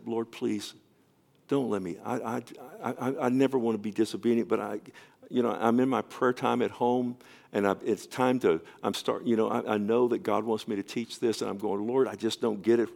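Lower-voiced man preaching a sermon. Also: vocal fry, darkish tone. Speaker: pastor.

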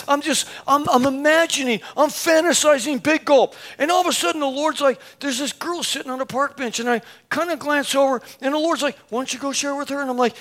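A man in his fifties preaching a sermon, telling a story with lively acted-out dialogue and laughing at himself. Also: extremely high pitch, brisk, few pauses. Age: 50s. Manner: animated, acts out both sides of dialogue, laughs at himself.

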